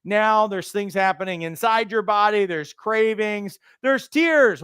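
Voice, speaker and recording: A man's voice: sits high, measured pace, hardly any pauses, a bit bright, clear, resonant tone, no room sound. A man giving a motivational teaching talk as a coach trainer, earnest and emphatic, building his points through repeated phrases. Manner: acts out quoted voices, occasional restarts.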